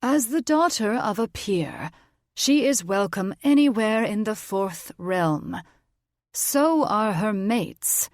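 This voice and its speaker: A woman voicing an elderly, sharp-witted witch grandmother in an audiobook, brisk and scolding. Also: medium pitch, expressive, dry recording, clean studio sound. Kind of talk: audiobook character voice.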